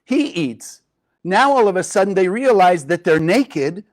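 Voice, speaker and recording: High-voiced man teaching a class. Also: big pitch swings, unhurried. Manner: storytelling with many rhetorical questions. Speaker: Kabbalah teacher. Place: live class with a group.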